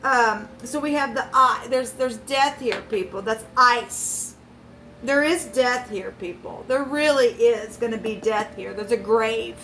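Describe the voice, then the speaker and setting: A woman's voice: fairly high pitch, unhurried, fairly bright tone, slight background noise, poor audio. A woman giving a tarot reading, urging her viewers with emphatic, repeated exhortations and religious warnings. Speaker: tarot reader.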